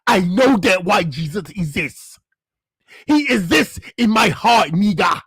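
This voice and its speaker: A man's voice: high-pitched, expressive, slow pace, a bit bright, slightly rough, no echo, studio quality, pitched below the performer's own voice, exaggerated voice. A man voicing an angry, boastful Nigerian man in a put-on Nigerian accent who scolds and repeats himself. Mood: indignant. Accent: Nigerian imitation.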